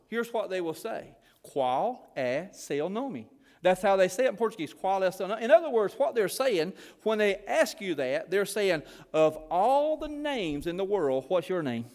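A man's voice: sits high, sing-song, normal speed, a little mellow, in a large hall. A man preaching a sermon, telling folksy stories as a former missionary. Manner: folksy storytelling, Southern phrasing. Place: church.

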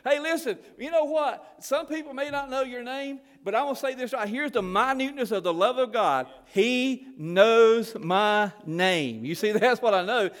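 A man's voice: very high-pitched, a little fast, few pauses, a bit bright, long reverb tail. A man preaching a sermon, telling folksy stories as a former missionary. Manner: folksy storytelling, Southern phrasing. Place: church.

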